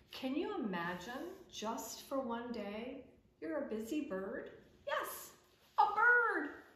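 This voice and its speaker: A woman running a children's story time, reading picture books aloud and singing, cheerful and sing-song. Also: on the high side. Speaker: children's librarian. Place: library. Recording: echoey room with faint background noise.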